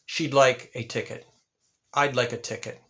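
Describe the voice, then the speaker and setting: Male ESL teacher, channel host; mid-pitched, patient, deliberate delivery with repeated examples. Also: fairly even intonation, bright, forceful tone. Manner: repeats example phrases slowly and spells out words. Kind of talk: slow, deliberate English lesson.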